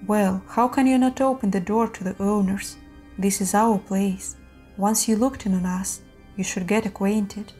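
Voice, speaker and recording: A woman's voice: medium pitch, steady tone, a little slow, a little mellow, faint music behind, natural voice. A woman voicing a coaxing unseen creature. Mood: sinister coaxing. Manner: affectionate and coaxing.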